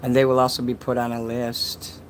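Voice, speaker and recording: Man, livestreamer, casual rambling talk, crude jokes, mid pitch, faint background hiss. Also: completely flat delivery, moderate pace, poor audio. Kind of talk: casual livestream chat reading donations.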